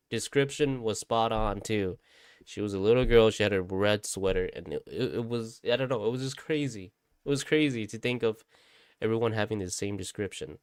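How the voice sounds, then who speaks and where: Man, casual spooky storytelling, rambling, cursing, clear resonant tone, dry room. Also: lowish voice, a little mellow, no room sound. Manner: rambling, swears often, repeats himself. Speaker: vlogger.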